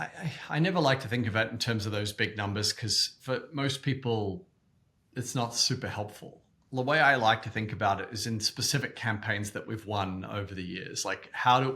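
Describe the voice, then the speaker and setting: An Australian man in his forties with a low voice and a bright, forceful edge. He tells stories in an animated way, doubling back on words as he restarts. He speaks as an interview guest. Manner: animated storyteller, repeats words when restarting. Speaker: guest, activist organization co-founder. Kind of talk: interview storytelling.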